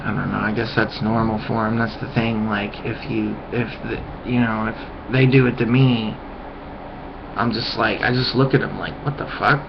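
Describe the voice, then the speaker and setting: A young man ranting casually to his webcam, rambling with lots of "like" fillers and dropping to a low mutter at times. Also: level tone, moderate pace, creaky, noisy background. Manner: mocking high-pitched yelps when imitating friends. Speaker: vlogger. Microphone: webcam mic. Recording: dull lo-fi webcam audio.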